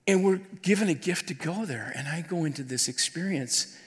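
A man's voice: a little high, normal speed, breathy edge. A man, a pastor, telling a personal story during a sermon in an earnest, heartfelt way. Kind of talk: sermon testimony. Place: church auditorium. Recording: long hall reverb.

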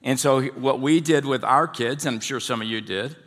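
A man's voice: mid-range voice, normal speed, a bit bright. A middle-aged man as pastor giving a conversational sermon and putting questions to his congregation. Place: church hall. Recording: long hall reverb.

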